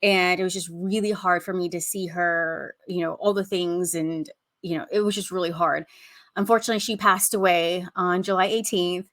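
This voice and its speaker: A woman's voice: lowish voice, steady tone, normal speed, fairly bright tone. A woman hosting her own podcast in casual, unscripted talk, chatty and effusive with lots of filler words. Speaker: podcast host.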